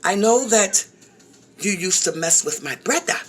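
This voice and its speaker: A woman imitating a man on the phone who talks so fast he is hard to understand. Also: mid-range voice, lively intonation, slight background noise, natural voice. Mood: smooth-talking. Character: smooth-talking man on the phone, a brother.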